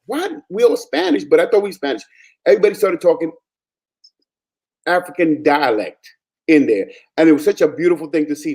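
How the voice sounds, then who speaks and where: Fast-talking Panamanian man telling stories. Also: on the high side. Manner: fast, animated storytelling with quoted dialogue. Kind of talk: casual chat.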